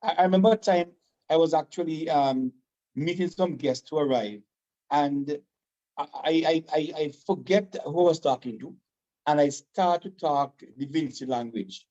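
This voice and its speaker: A man with a Vincentian accent, from Saint Vincent, chatting casually as a guest, animated, proud and fast-talking. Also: on the high side, dull audio. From Saint Vincent and the Grenadines. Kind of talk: casual chat.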